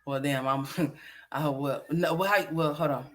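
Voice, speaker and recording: A woman's voice: sits low, fairly even intonation, unhurried. A woman hosting a casual livestream, chatting with viewers and turning to talk to her son at home. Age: adult parent. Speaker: livestream host.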